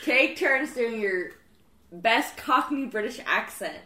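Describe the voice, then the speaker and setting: A woman's voice: fairly high pitch, lively intonation, slow pace, sharp tone. A woman joking confidently and brashly with friends during a drinking game. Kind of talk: casual drinking-game banter. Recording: roomy echo, faint noise.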